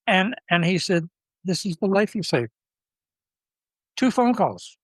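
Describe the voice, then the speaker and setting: Man telling lively stories, dry close sound. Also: a little high, no room sound, poor audio. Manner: lively anecdotes acting out quoted people. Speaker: guest. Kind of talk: storytelling interview.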